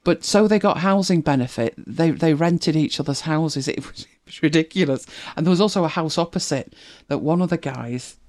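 Brisk and barely pausing, this mid-range voice belongs to a northern England streamer with a softened regional accent. They chat casually with viewers while reacting to videos, pondering aloud and laughing often.

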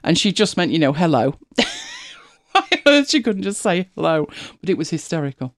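A woman's voice: on the low side, huge pitch swings, unhurried, no room sound, clean studio sound. A middle-aged woman chatting casually as a podcast co-host, laughing often and telling stories with animation. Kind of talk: casual chat.

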